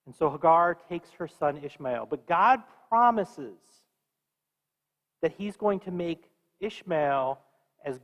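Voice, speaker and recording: A man with a fairly high voice leads a confirmation class in conversation. He keeps quizzing the students as he goes. His voice carries a long reverb from a large church hall. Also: expressive, takes it slowly, fairly bright tone, dull audio. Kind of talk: teaching a class.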